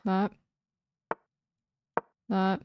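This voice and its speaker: Young female chess streamer, slow, nervous self-talk, dry close sound. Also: medium pitch, flat delivery, clear, resonant tone, no echo, lo-fi sound. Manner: anxious self-talk, muttering and repeating words. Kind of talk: casual live-stream commentary while playing.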